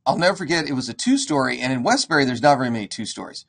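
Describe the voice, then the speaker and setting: Man, real estate investor, animated storyteller, acts out the voices, mid-pitched. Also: rapid-fire, gravelly. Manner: animated, acts out quoted dialogue. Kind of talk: casual storytelling to an audience.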